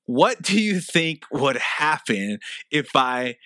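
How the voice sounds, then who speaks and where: A man's voice: medium pitch, expressive, slow pace, bright, forceful tone, no room sound. A man preaching a sermon as a pastor, earnest and conversational, often restarting phrases.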